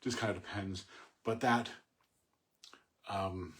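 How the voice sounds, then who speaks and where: A middle-aged man talking casually about a poem he admires, thoughtful and halting, with many fillers and restarts. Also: low voice, steady tone, fairly bright tone. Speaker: poet discussing a poem. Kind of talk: casual spoken commentary on poetry.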